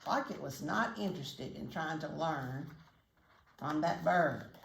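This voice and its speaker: An older woman, a retired teacher, reading a children's story aloud in a gentle, teacherly way, pausing to ask the listener questions. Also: sits low, lively intonation, gravelly, slight background noise. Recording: roomy echo.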